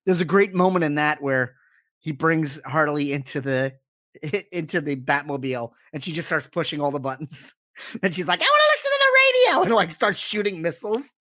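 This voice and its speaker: Man, casual chat, animated storytelling, slightly high voice, dry sound. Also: normal speed, dry recording. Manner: animated storyteller, acts out quotes. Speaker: podcast co-host.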